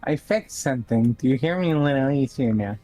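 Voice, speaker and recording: Chatty co-player, light playful tone, game music faint behind. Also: male voice, mid-range voice, animated, brisk. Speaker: streamer co-player. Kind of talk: casual gaming chat.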